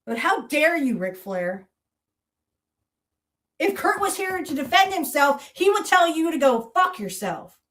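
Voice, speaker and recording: A woman's voice: high voice, very animated, unhurried, pauses often, a bit bright. A woman hosting a podcast, delivering a heated, profane, accusatory monologue full of repeated rhetorical challenges. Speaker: podcast host. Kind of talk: angry monologue rant.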